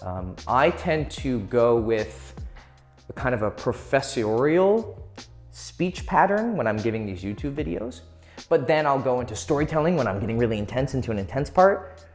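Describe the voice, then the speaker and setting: A man giving casual dating advice to camera, swearing freely and playfully shifting his tone to demonstrate. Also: mid-range voice. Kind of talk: casual advice monologue for video.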